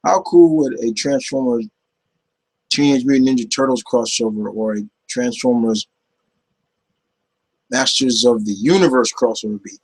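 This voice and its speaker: Casual male Q&A host, mid-range husky voice, rambling and filler-heavy. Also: medium pitch, normal speed, long pauses, low-quality recording. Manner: rambling, many fillers and restarts. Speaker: YouTube Q&A host. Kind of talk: casual Q&A chat.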